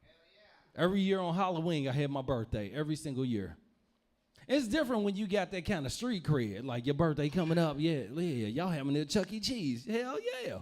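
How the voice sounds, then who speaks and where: A man's voice: fairly high pitch, sing-song, fairly quick, darkish tone. A young man from Louisville, Kentucky, doing a stand-up comedy set in a loose, rambling storytelling manner with repeated phrases.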